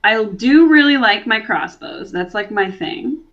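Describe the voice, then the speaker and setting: A woman's voice: mid-range voice, very animated, unhurried. A woman playing a tabletop game, chatting playfully and thinking aloud about her character's choices. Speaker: tabletop player. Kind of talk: casual chat. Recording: dull lo-fi sound.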